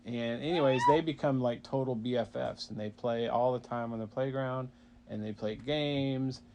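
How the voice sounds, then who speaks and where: A man's voice: medium pitch, moderate pace, noisy background. A man, a parent, making up a bedtime story for a child in a casual, rambling way with fillers.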